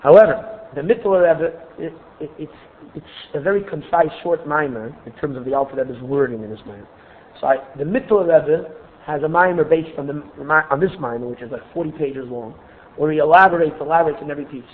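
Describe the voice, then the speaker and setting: A man teaching a Torah class in an earnest, expressive way, often repeating words as he restarts. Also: a little high, brisk, a little hiss or hum. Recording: tinny phone-like recording.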